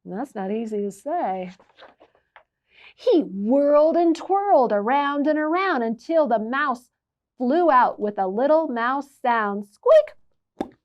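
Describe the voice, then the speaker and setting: A woman's voice: sits high, slow, lo-fi sound. A woman who works as a children's librarian, reading a picture book aloud and asking her listeners questions as she goes. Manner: expressive storyteller who asks listeners questions.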